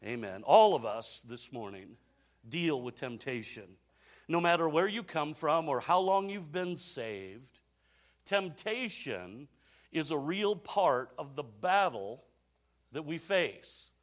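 A man's voice: on the high side, big pitch swings, slow pace. A male pastor preaching a sermon in a casual, repetitive way that builds to emphatic peaks.

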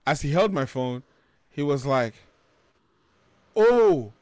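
A man from Nigeria, telling stories in a casual, animated way, swearing freely and getting loud when he retells arguments. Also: medium pitch, normal speed, no echo. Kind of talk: casual storytelling chat.

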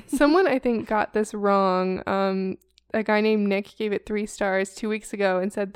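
A woman's voice: mid-range voice, steady tone, a little slow, clear, resonant tone, no echo, studio quality. A woman co-hosting a casual podcast, giggling often as she reads reviews aloud. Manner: giggly, laughs between lines. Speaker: podcast co-host.

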